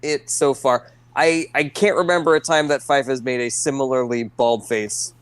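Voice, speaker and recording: A man's voice: medium pitch, steady tone, normal speed, clear, resonant tone, dry recording. A man playing a tabletop game, easygoing and amused. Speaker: player. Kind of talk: casual tabletop role-play.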